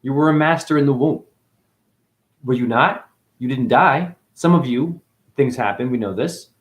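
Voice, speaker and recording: A man's voice: mid-range voice, moderate pace. A man giving a spiritual monologue as a teacher, preachy and profane, firing one rhetorical question after another.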